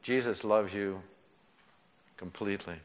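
A male pastor preaching an impassioned sermon in a church, swinging between loud pleading and hushed, soft tones. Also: on the low side, steady tone, unhurried. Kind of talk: sermon with altar call. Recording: long church reverb.

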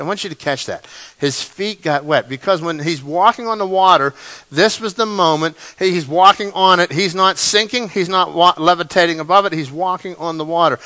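A male pastor preaching a sermon, telling the story dramatically and swinging between loud and quiet passages. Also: sits high, poor audio. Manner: animated, dramatic storytelling with big swings in loudness.

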